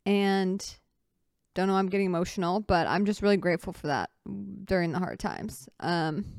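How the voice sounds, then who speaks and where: A woman's voice: fairly low pitch, a little mellow, clean tone, no room sound, clean studio sound. A woman hosting her own podcast, talking casually and candidly, often correcting herself mid-sentence as she rambles from her couch. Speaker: podcast host. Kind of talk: casual solo podcast chat. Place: indoors on a couch at night.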